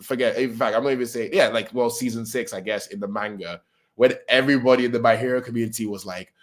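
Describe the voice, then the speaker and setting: A young man giving casual, excitable reaction commentary, getting animated when he argues a point. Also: medium pitch, fast talker. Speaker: manga reaction host.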